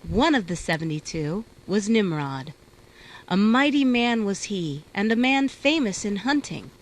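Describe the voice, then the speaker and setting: A woman reading an old translated text aloud in a measured, deliberate recitation. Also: mid-range voice, a bit bright, poor audio. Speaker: reader.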